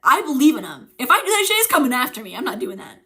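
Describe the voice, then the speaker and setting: A young woman streamer telling a frightening story in casual chat, animated and swearing, teary-eyed as she talks. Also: high voice, quick pace. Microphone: streaming mic.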